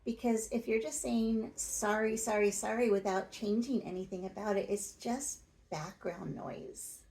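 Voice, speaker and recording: A woman's voice: medium pitch, steady tone, measured pace, hardly any pauses, darkish tone, poor audio. A woman talking straight to her audience in a coaching, plain-spoken advice monologue. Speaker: self-help video host.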